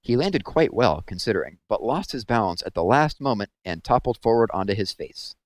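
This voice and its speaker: A man reads a children's book aloud with expressive storytelling. His voice is low yet lively and swings in pitch, recorded close to the mic in a dry room. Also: brisk, dry recording. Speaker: read-aloud host.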